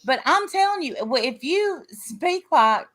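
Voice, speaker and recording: A woman's voice: high-pitched, big pitch swings, unhurried, fairly bright tone. A woman from Tennessee with a Southern accent, talking bluntly in a casual chat.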